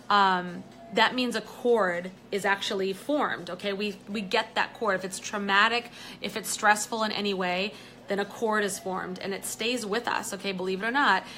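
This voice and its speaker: A woman's voice: mid-range voice, sharp tone. A woman giving a live angel card reading in a chatty way, often saying "you know" and greeting viewers as she goes.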